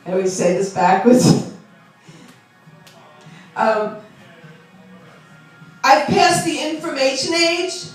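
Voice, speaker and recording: High-voiced woman comic in her sixties. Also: very animated, slow pace, long pauses, faint music behind. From Long Island. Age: 60s. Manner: wry, self-deprecating, chatty with the crowd. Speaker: stand-up comedian. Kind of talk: stand-up comedy set. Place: small club. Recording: roomy club sound from a distant mic.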